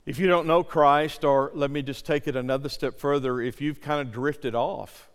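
A middle-aged male pastor preaching a sermon and leading a prayer, swinging from loud impassioned pleading to hushed near-whispers. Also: a little high, fairly even intonation, normal speed. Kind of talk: sermon with altar call. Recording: long hall reverb.

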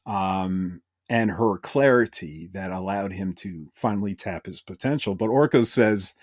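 A man's voice: lowish voice, a little slow, dry recording, studio quality. Enthusiastic man recapping a show. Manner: enthusiastic, retells scenes with brief quoted voices. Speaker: podcast host. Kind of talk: casual episode recap.

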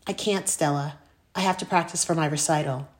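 A woman's voice: low voice, brisk, natural voice. Woman doing a curt, annoyed young girl. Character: young girl, busy dancer best friend, annoyed.

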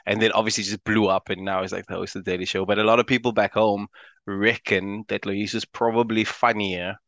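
A man's voice: fairly low pitch, level tone, brisk, a bit bright, no room sound, highs cut off. A man from South Africa with a South African accent, a comedian chatting as a guest in a laid-back, rambling, jokey way. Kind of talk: casual interview chat.

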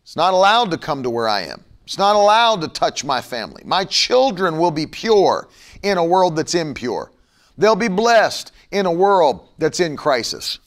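Fiery preaching man, lively pitch. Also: moderate pace. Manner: emphatic, preachy, with mocking asides. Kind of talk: broadcast sermon and prayer.

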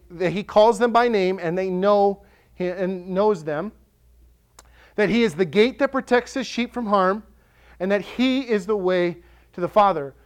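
High-voiced impassioned male pastor preaching. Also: smooth. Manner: impassioned, rising to emphatic declarations. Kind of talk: sermon.

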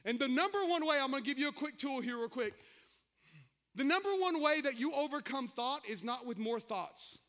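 A man preaching with a very high, bright voice that rings out when he calls to the congregation. He shifts between shouted exhortations and folksy, joking asides. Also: expressive, brisk. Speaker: pastor. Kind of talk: sermon.

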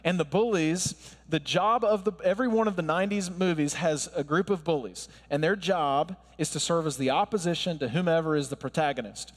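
A man's voice: on the high side, brisk. A man in his thirties preaching a conversational sermon with wry asides to the congregation. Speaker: pastor. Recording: long hall reverb.

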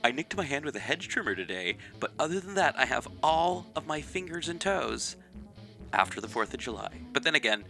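A man's voice: medium pitch, very animated, brisk, gravelly, bright, forceful tone, faint music behind. A man co-hosting a podcast in casual chat, rambling and laughing easily. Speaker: podcast co-host.

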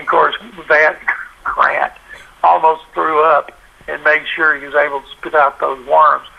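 A man, a sportswriter, telling a story in a lively way and acting out the voices of the people in it. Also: fairly high pitch, gravelly, dull audio. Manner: animated, acts out quoted voices. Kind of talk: anecdotal storytelling.

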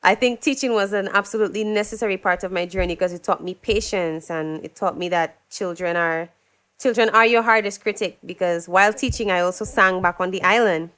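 Young woman singer chatting in an interview, smooth clear voice, animated, acts out quotes. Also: medium pitch, fairly quick. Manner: animated storyteller, acts out quotes, laughs often. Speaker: guest, singer. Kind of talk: casual interview chat.

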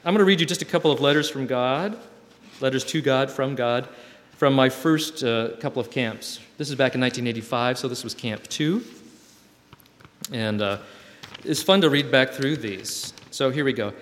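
A man at mid pitch speaks to a gathered group in a gentle, reflective manner, slipping in playful asides. He reads heartfelt old letters aloud. The voice carries a long hall reverb from a live recording. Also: normal speed. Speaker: camp speaker. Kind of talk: reflective spiritual talk to a group.

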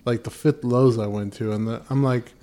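A man co-hosting a podcast, telling an anecdote in casual chat, growing louder as he acts himself out. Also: mid-range voice, moderate pace. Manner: relaxed anecdote teller, gets louder when acting himself out. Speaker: podcast co-host.

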